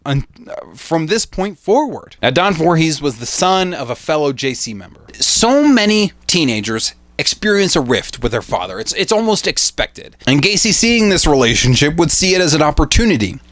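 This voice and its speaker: A young man recounts a dark story in a loose, profane style and keeps breaking off into joking asides. His voice sits a bit high and swings widely in pitch. The sound is dry and close. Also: very animated, normal speed, no echo. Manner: rambling, crude, joking asides, self-deprecating. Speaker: true-crime storyteller.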